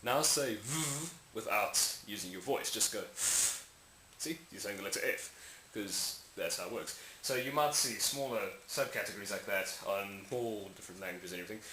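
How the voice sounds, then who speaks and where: A lowish, expressive male voice moves at a normal pace with few pauses. He makes language tutorials and here explains speech sounds in a relaxed, rambling lesson, demonstrating each aloud and revising what he says. Faint hiss and room echo are audible.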